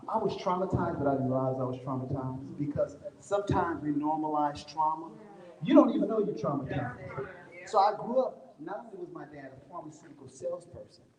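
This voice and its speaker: Before a live crowd, a fairly high-voiced man delivers a down-home motivational talk, telling his story like a chat with the room. As a conference speaker in a big hall, his voice carries a long, spacious reverb over some background noise.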